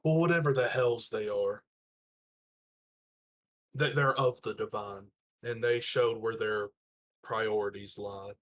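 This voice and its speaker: A man speaking in character at a tabletop game, blunt and rough with swearing. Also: lowish voice, slow, pauses often, a bit bright. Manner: blunt, swearing rebel talk. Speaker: player. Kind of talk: in-character tabletop role-play.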